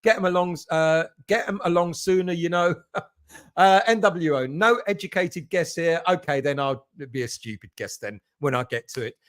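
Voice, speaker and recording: A man from England chats his way through a relaxed live stream, greeting viewers by name as he reads the chat. His voice sits high for a man. He rambles from point to point and keeps it loose and conversational. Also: moderate pace. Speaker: fan channel host reading live chat.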